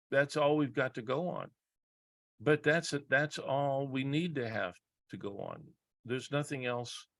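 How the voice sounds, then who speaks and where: A man talks slowly and thoughtfully at a middle pitch, stopping often and starting his sentences over. He sounds earnest and careful. The sound is close and dry, with no room echo. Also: fairly bright tone. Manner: halting, many restarts and pauses, earnest. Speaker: psychologist guest. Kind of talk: reflective conversation.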